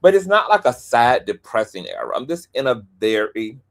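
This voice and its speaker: A man hosting a casual livestream, chatty and animated. His voice has a middle pitch, and he rattles through plugs quickly with playful asides. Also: gravelly. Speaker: host.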